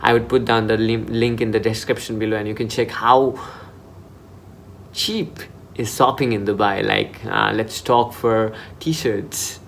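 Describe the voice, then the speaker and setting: A man's voice: fairly low pitch, fairly even intonation, measured pace, vocal fry, a bit bright, a little hiss or hum. A young man in Dubai giving casual advice in a vlog, chatty and informal, often restarting his sentences. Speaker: vlogger.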